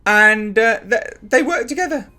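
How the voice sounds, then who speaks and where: A man's voice: lively intonation, moderate pace, bright, forceful tone. A man reviewing a TV show in a ranting vlog, sarcastic and exasperated, swearing and repeating himself for emphasis. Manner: exasperated, sarcastic, mocks characters in high put-on voices.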